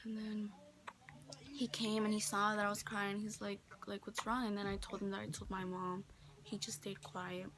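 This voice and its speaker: A teenage girl vlogging casually from a bedroom, telling a personal story softly with many fillers, sometimes dropping near a whisper. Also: mid-range voice, completely flat delivery, moderate pace, crowd noise. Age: teens. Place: indoor bedroom, holding a baby. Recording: noticeable background noise.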